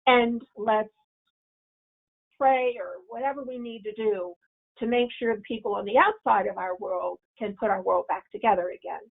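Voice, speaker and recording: Speaking at a normal speed in a medium-pitched voice that is creaky and slightly rough, a woman leads a parenting webinar over video call. She coaches the audience and demonstrates angry self-talk, and the sound comes through thin and phone-like.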